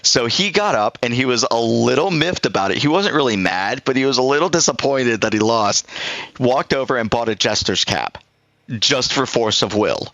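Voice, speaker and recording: A man's voice: medium pitch, lively intonation, normal speed, fairly bright tone, no room sound, lo-fi sound. A middle-aged man on a live stream, telling a rambling anecdote and acting out both sides of the conversation. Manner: rambling storyteller, acts out both sides of the dialogue.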